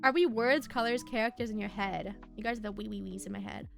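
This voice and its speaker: A woman's voice: mid-range voice, quick pace, creaky. A young woman streaming, chatting casually and giggling as she reads and answers her chat. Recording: faint music behind.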